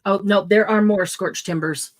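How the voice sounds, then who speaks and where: A woman's voice: mid-range voice, moderate pace, low-quality recording. A middle-aged woman hosting a live craft supply sale, chatting casually, laughing often and listing product colors.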